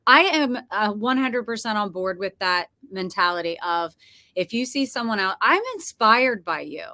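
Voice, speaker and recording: A middle-aged woman hosting a podcast interview, gushing and excitable in casual chat. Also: medium pitch, normal speed. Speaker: podcast host.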